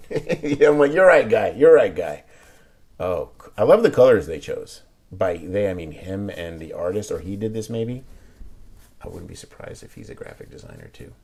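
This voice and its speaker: A man's voice: sits low, animated, normal speed, creaky, warm tone, slightly rough. A young man chatting casually in a rambling way while reviewing a deck of playing cards, with lots of fillers and restarts. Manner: drops to whispers while inspecting cards.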